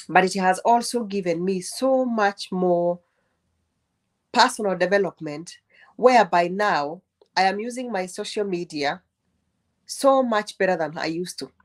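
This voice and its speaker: Reflective woman sharing on a call. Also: on the low side. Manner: reflective, with repeated starts and rhetorical questions. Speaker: group member sharing experience. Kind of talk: casual group chat.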